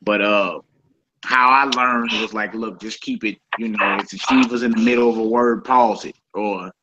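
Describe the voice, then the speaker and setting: A man's voice: on the low side, fairly even intonation, normal speed, pushed and bright, slight background noise. A man leading a casual group lesson in a laid-back, colloquial way, often repeating himself. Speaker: Hebrew teacher. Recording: dull lo-fi recording.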